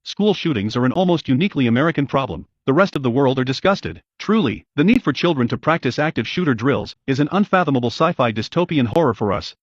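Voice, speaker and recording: A man reads online posts at a rapid clip with a blunt, brisk delivery. His voice sits at an ordinary pitch. The recording is dry and a little dull. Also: expressive, dry recording. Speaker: narrator. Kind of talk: reading posts aloud.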